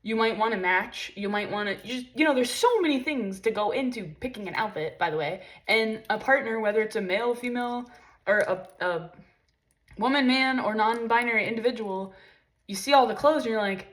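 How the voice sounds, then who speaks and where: A woman's voice: fairly high pitch, fairly quick, fairly bright tone. Frank, chatty young woman vlogging. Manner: frank, profane, chatty with many fillers. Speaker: spiritual vlogger. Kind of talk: casual rambling monologue.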